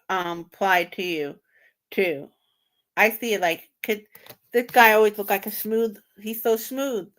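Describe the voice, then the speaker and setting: Slow, halting woman reading tarot. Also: medium pitch. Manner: halting, repeats herself, broken grammar. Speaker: tarot reader host. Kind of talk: casual thinking-aloud commentary.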